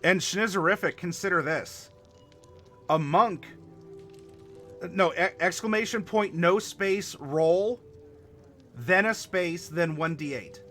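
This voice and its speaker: A man hosting a live tabletop worldbuilding stream, chatting to viewers and halting over fillers as he spells out dice commands. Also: sits high, fairly bright tone, soft background music. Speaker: game master and stream host.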